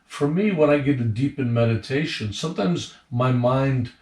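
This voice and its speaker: A man guiding someone through meditation, speaking with calm patience in an everyday tone. His voice sits back from the mic in a room that rings a little. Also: medium pitch, normal speed. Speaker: meditation teacher. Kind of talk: guided instruction, conversational. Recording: roomy, distant mic.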